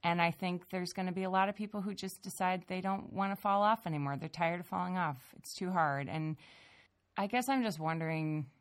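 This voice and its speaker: A woman's voice: fairly low pitch, a little fast. A woman hosting a daily podcast, thinking aloud in a searching, self-deprecating way. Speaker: podcast host. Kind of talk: casual conversation.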